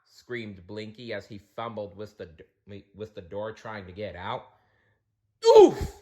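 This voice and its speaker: A man reading a children's storybook aloud, expressive, with small slips and restarts. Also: fairly low pitch, unhurried.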